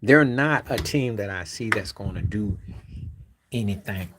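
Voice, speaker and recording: Casual live-stream host, a man, skeptical and blunt, keeps clearing his throat, talking into a phone. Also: lowish voice, expressive, a little slow, noisy background. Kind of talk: casual basketball opinion talk. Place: walking while streaming.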